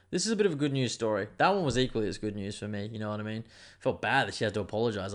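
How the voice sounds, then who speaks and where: A man hosting his own podcast, telling a news story in a rambling, animated way with plenty of swearing. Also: lowish voice. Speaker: podcast host. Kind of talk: casual solo podcast rant.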